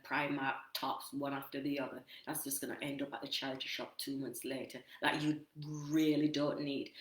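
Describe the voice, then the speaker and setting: An energetic woman with a British Jamaican accent gives a motivational business talk, speaking straight to her viewers. Her voice sits a little low, and she drives her points home by repeating them. The room around her is noticeably echoey. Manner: energetic, emphatic and repetitive, addressing viewers directly. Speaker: business coach.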